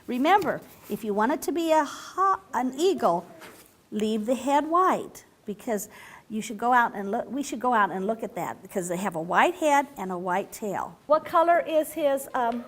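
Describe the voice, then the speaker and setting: A woman reading a picture book aloud to a group of children, playful and animated, stopping often to ask them questions. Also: fairly high pitch, normal speed, a little hiss or hum. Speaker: children's storyteller.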